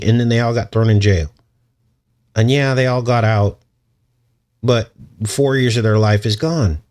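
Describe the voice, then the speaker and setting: A man's voice: medium pitch, normal speed, pauses often, darkish tone. A man hosting a casual livestream, rambling and chuckling as he answers his viewers' chat. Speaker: channel host.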